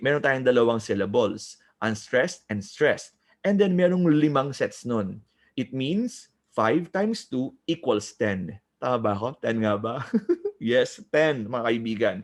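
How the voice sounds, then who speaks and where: A young Filipino man giving a chatty exam review lecture, asking himself questions and answering them for his listeners. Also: mid-range voice. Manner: switches between English and Tagalog, poses questions to himself, says "my dear friends".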